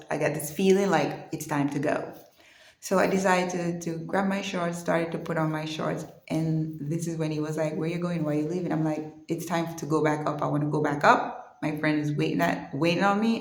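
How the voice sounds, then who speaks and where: A woman with a fairly low voice tells a personal story straight to the camera. She speaks earnestly and conversationally, pausing and restarting as she goes. Her voice carries in a roomy, echoey space. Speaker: vlogger.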